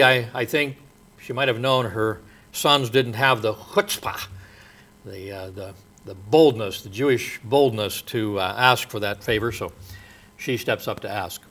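A man preaching a sermon in a slow, halting way, with many pauses and fillers, his voice dropping soft at the ends of phrases. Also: medium pitch.

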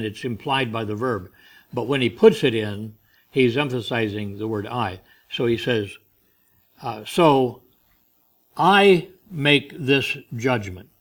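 A man teaching a verse-by-verse Bible study, explaining Greek words and leaning on key phrases, with a dry cough now and then. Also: medium pitch.

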